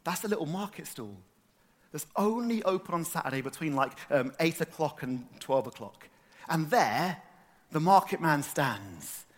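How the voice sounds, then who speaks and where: A man from north London, preaching a sermon in a lively, conversational way and asking the room questions. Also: a little high, normal speed. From north London, England.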